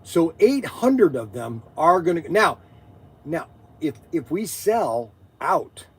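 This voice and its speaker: A man's voice: on the high side, big pitch swings, slow, husky. A man hosting a casual livestream, chatting in a rambling way with lots of fillers and restarts. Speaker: livestream host selling collectible toys.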